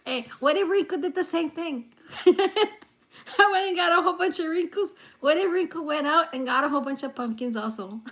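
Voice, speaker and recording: Woman livestream host with a high voice, playful and teasing with viewers, laughing often, phone on a table. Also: lively intonation, unhurried, long pauses, a bit bright. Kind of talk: casual livestream chat with viewers. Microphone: phone lying on a table.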